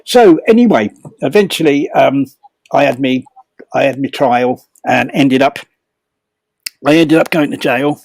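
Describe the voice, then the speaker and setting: An older man tells a funny anecdote at a comedy fundraiser, halting and repeating words and chuckling as he goes. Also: medium pitch, gravelly, a little mellow, dry recording, studio quality. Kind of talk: comic anecdote telling.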